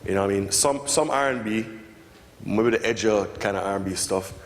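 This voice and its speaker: A man from Jamaica speaking on stage in an interview lecture, animated and storytelling, acting out voices and often asking "you know what I mean". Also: on the low side, fairly quick, a little hiss or hum. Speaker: music producer guest. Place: lecture hall. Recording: long hall reverb, faint room ambience.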